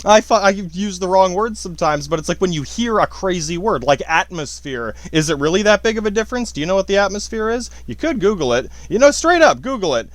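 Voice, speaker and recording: A man's voice: high-pitched, very animated, fairly quick, few pauses, no room sound. A man rambling in a casual monologue, swearing often, apologizing and laughing at himself. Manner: profane, self-deprecating, frequent apologies and laughs. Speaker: podcast host.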